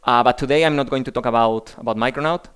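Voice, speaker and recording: Male tech speaker, clear resonant voice, hesitant delivery. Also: medium pitch, fairly bright tone. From Spain. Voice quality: halting, repeats words. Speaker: conference speaker. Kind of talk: tech conference talk.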